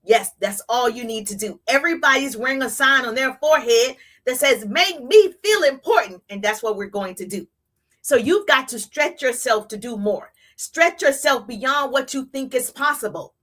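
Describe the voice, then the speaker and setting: High, bright-voiced woman coaching live. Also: normal speed. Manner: energetic, repetitive, playful hype; chats with live viewers. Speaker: social media business coach. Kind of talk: live-stream coaching talk.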